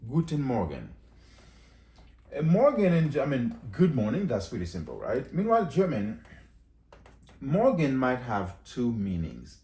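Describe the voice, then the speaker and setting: A man giving a casual language lesson, chatty, saying phrases again slowly for learners. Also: mid-range voice, huge pitch swings, mellow, echoey room. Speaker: language teacher.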